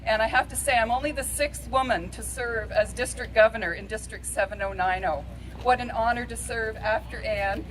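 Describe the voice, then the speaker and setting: A heartfelt woman addressing a ceremony as district governor over a video call. Her thankful voice sits slightly high. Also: steady tone, brisk, a bit bright, slight background noise, low-quality recording. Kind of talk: ceremony speech.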